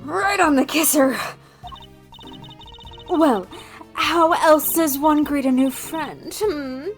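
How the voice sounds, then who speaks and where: A woman voicing a smooth-talking, flirtatious male defense attorney with a suave, smarmy manner. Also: high-pitched, slow pace, faint music behind, pitched above the performer's own voice. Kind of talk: reading a visual novel aloud.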